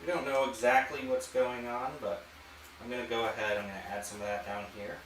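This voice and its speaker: A man hosting an art channel, walking through a painting demonstration in a relaxed way and thinking aloud as he works. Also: mid-range voice, brisk, echoey room, slight background noise, low-quality recording. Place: home art studio.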